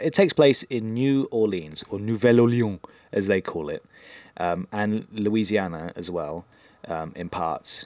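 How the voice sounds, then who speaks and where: Rambling man, low voice. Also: darkish tone, dry recording. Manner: rambling and hesitant, with lots of um and uh. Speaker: podcast co-host. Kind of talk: casual chat.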